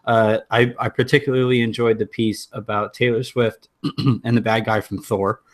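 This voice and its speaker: A man hosting a basketball podcast in casual chat, easygoing and quick to laugh. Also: lowish voice, little pitch movement. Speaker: podcast host.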